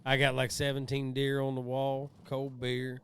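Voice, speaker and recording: A man's voice: medium pitch, monotone, moderate pace, fairly bright tone, smooth, no room sound. A man trading teasing banter as a podcast co-host. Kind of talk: casual chat.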